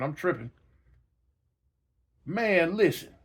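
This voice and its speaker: A man telling a personal story dramatically, acting out yells and reactions. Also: on the high side, animated, a little slow, pauses often, husky. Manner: dramatic, acts out yells and voices, slangy.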